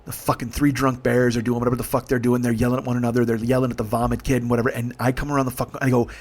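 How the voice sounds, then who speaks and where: A man's voice: mid-range voice, little pitch movement, very fast. A man in his forties telling a true story in a comedic podcast monologue, profane, intense and confessional. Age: 40s.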